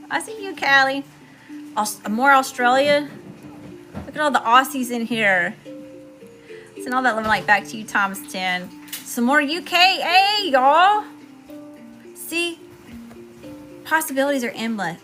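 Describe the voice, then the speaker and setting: A woman from Mississippi hosting a spiritual livestream, giving effusive shout-outs to viewers in casual chat. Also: fairly high pitch. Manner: effusive, warm shout-outs with lots of "y'all".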